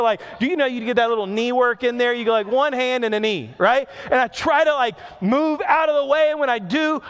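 Lively high-voiced storytelling pastor. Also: male voice, clear, resonant tone. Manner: animated, self-mocking storytelling with quick asides. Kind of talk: sermon storytelling.

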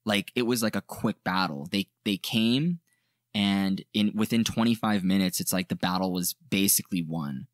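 A man's voice: sits low, moderate pace, dry recording, clean studio sound. A man co-hosting a podcast, telling history in a rambling, jokey way with lots of fillers. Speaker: podcast co-host. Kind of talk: casual history chat.

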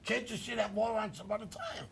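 A man's voice: sits high, fairly even intonation, brisk, creaky, slight background noise, voice pushed up. A man imitating an older woman scolding her husband's friend on the phone. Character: older wife, sharp-tongued, scolding. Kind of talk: impression in anecdote.

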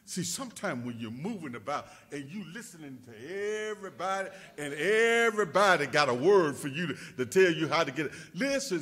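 A male pastor preaching a sermon, rising to shouts and dropping to a hush, repeating words and calling out to his congregation. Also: sing-song, normal speed, slightly rough. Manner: rising to shouts then dropping low and quiet.

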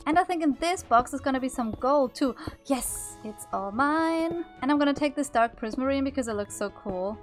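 A woman narrating her game playthrough in a playful way, easily startled and chatting to the creatures on screen. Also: a little high. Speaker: gaming video creator.

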